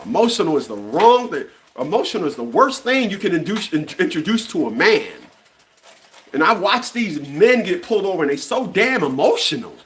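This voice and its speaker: A man's voice: sits high, big pitch swings, brisk, slight background noise. A man in his fifties delivering a blunt, profane opinion rant, often stumbling and repeating words as he restarts. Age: 50s. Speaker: commentary channel host.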